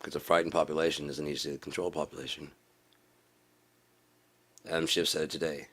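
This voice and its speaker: A man giving a profane political rant in a video blog, repeating himself and rising into preachy shouting. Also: rumbling low, level tone, brisk, pauses often. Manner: swearing, repetitive, builds to preachy shouting. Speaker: video blogger.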